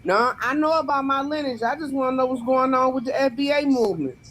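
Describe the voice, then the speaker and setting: A woman's voice: high voice, fast. A woman calling in to a talk show, deferential and rambling as she defends her questions. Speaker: caller. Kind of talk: call-in conversation.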